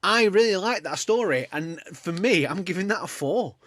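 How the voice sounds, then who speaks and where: A man's voice: high-pitched, normal speed, dry recording. A man hosting a casual podcast, rambling and joking as he tells stories. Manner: rambling, jokey, lively storytelling. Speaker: podcast host.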